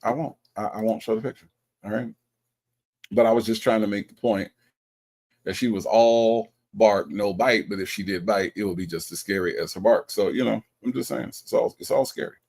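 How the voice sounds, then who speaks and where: Man hosting a lively livestream chat. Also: fairly low pitch, normal speed. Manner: animated, teasing, reads viewer comments aloud. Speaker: livestream host reading chat.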